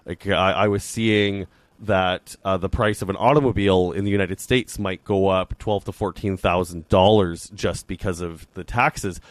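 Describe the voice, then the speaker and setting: Male co-host, lowish voice, earnest and measured, dry close mic. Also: steady tone, no echo. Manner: earnest, thinks aloud with pauses. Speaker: podcast co-host. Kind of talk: casual chat.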